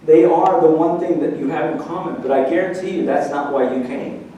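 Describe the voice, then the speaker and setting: Animated male keynote speaker in echoey hall. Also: a little high, a little fast. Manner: animated storyteller, acts out quotes. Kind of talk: motivational speech. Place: large conference hall. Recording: echoey hall, mic from far off.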